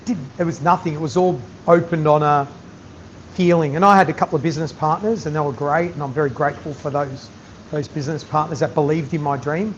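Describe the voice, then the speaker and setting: A man's voice: on the high side, fairly even intonation, brisk. A man, a chef giving a masterclass, talking bluntly and animatedly to an audience and swearing freely. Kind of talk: candid talk to an audience. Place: event venue with audience. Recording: slightly dull sound with faint noise.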